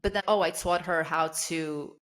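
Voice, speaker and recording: A woman's voice: low-pitched, fairly even intonation, moderate pace, a bit bright. A woman in her thirties, a podcast co-host whose first language is Russian, chatting candidly and laughing often as she quotes herself. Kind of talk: casual chat.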